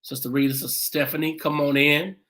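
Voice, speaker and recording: A pastor hosting a church livestream, greeting viewers by name and repeating "come on in" in a casual, welcoming way. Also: male voice, fairly high pitch, little pitch movement, fairly quick, sharp tone.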